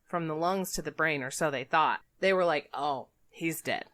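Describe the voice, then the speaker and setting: Woman, podcast co-host, casual chat, wry, sarcastic, lowish voice, dry sound. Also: fairly quick, a bit bright, dry recording. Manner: wry, sarcastic, laughs often.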